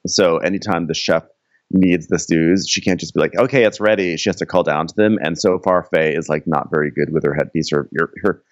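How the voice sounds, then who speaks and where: A man's voice: low voice, steady tone, a little fast, dry recording, muffled recording. A man co-hosting a podcast, chatting jokily and acting out the people he recaps in silly voices. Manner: jokey, acts out reality-show people in silly voices. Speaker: podcast co-host. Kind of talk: casual recap chat.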